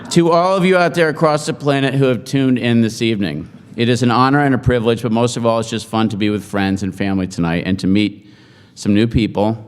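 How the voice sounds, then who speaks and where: A middle-aged man giving a humorous after-dinner speech, joking in a deadpan, self-mocking way to an audience in a large hall. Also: medium pitch, fairly quick, few pauses, smooth. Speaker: speaker at a forum. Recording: hall reverb.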